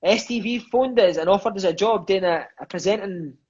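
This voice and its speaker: Scottish man, 30s, raised-pitch chatty storyteller, swears a lot, lo-fi dull audio. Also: a little mellow, husky. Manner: swears freely, fills lines with "mate" and "aye", quick enthusiastic storyteller. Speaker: podcast guest. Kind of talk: casual storytelling chat.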